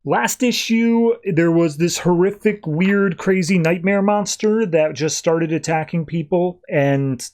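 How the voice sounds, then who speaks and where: A man hosting a podcast, casually recapping a comic book story and slipping into quick voiced quotes of the characters. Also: sits high, a little mellow. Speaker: podcast host.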